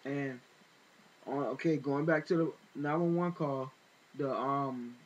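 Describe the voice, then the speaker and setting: A man's voice: medium pitch, slow. Indignant man rambling on a lo-fi recording. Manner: rambling retelling with many fillers and restarts, indignant. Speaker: vlogger. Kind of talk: casual spoken commentary.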